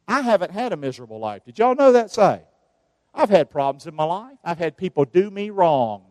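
High-pitched pastor preaching, calls for the crowd to repeat lines, dry close sound. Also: male voice, very animated, normal speed, warm tone, no echo. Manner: emotional call-and-response preaching. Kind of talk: sermon. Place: church sanctuary.

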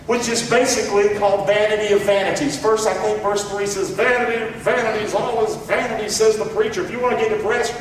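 Man, pastor, high-pitched, echoey church hall, far from the mic, sermon with call-and-response. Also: slight background noise. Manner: preaching with call-and-response to the congregation.

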